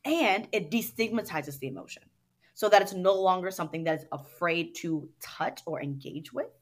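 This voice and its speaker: Lively woman telling a story. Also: on the low side, normal speed. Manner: animated storyteller who acts out what others said. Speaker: guest, dance studio owner. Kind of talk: casual interview conversation.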